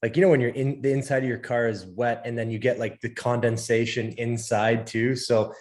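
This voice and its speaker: A man hosting a podcast in casual chat, relaxed and teasing, with rambling asides. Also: mid-range voice, a little fast. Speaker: podcast host.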